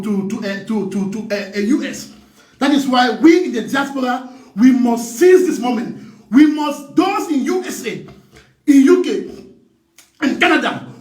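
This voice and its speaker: A man with a Cameroonian English accent mixing in Pidgin, giving an impassioned political address that is fiery and repetitive and often shouts. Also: extremely high pitch, distant mic. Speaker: activist speaker. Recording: echoey, from the mic.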